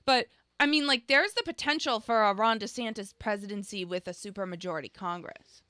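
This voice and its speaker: Brief: female podcast co-host, casual and giggly, crisp bright tone, no room sound. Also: medium pitch, fairly quick, dry recording. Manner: chatty, laughing often, many fillers. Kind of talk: casual political chat.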